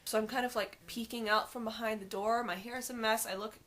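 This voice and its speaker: Exasperated young woman telling a story, slightly high voice. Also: a little fast. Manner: animated, sarcastic, exasperated. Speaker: vlogger. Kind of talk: casual storytelling vlog.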